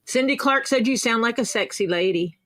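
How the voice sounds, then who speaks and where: A woman's voice: on the high side, a little fast, a bit bright, no echo. Playful, motherly woman co-host. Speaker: podcast co-host. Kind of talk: casual livestream chat.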